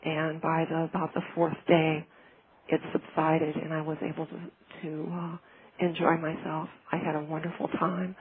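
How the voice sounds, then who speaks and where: A woman sharing a personal healing testimonial in an earnest, heartfelt way, often pausing and restarting her sentences. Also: low-pitched, completely flat delivery. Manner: halting, with frequent restarts and fillers. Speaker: client giving a testimonial. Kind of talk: personal testimonial, casual telling. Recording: phone-like lo-fi with faint noise.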